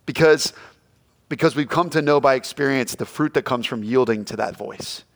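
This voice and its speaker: A middle-aged male pastor preaching a sermon, dropping to a hush and then shouting out quoted lines. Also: mid-range voice, normal speed. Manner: animated, swings from hushed to shouting quotes.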